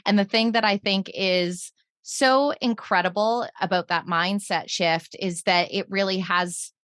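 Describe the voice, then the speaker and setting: A woman's voice: medium pitch, steady tone, a little slow, fairly bright tone, no echo, clean studio sound. A woman podcast host asking long, thoughtful, affirming questions in a flowing way. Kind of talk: interview questions, reflective.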